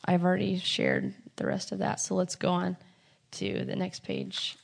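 A woman with a lowish voice leads a small group through a Bible meditation workshop. She talks casually and warmly encouraging, often pausing on ums and restarting her sentences. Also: flat delivery, creaky. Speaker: Bible study teacher.

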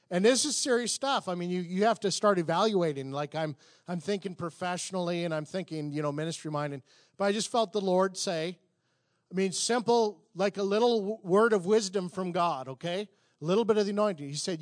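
A man with a high voice delivers a sermon in an easy, conversational way, stumbling and restarting as he tells a story. He builds to emphatic peaks. The sound is close and dry. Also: brisk, no echo. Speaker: preacher.

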